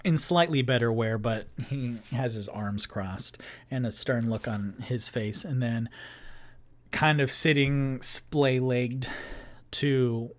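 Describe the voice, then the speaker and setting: A man narrating as game master of a solo tabletop game, describing scenes in an unhurried way with many fillers. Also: mid-range voice.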